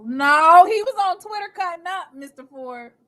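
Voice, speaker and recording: A woman co-hosting a casual sports podcast, animated and teasing. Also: extremely high pitch, moderate pace, no room sound, clean studio sound. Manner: animated, teasing, laughs often. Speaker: podcast co-host.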